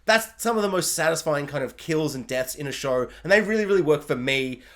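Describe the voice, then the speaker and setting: Brief: male TV reviewer, higher voice, chatty and excitable, casual rambling delivery. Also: brisk. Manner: chatty and excitable, heavy use of "like". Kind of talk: casual spoken TV episode review.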